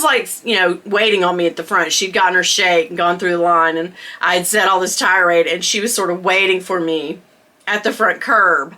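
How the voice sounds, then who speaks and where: A middle-aged woman vlogger telling a storytime, chatty and animated, laughing often. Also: lowish voice, normal speed. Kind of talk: storytime chat.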